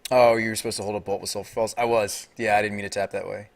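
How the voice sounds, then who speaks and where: Excitable American man commentating a card game. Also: fast. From United States. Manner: excitable, talks to chat and opponent, gets loud and high when tense.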